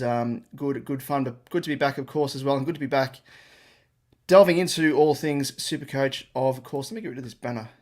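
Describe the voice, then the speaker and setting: A young man hosting a fantasy football live stream, talking in a casual, chatty way while working his computer. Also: mid-range voice.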